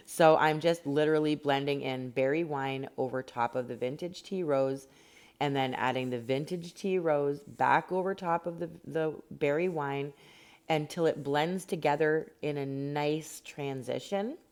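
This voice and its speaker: A woman from Canada, her voice sitting low with a darkish tone, talks through a rock painting tutorial inside her home. The narration is casual and meandering, with many fillers.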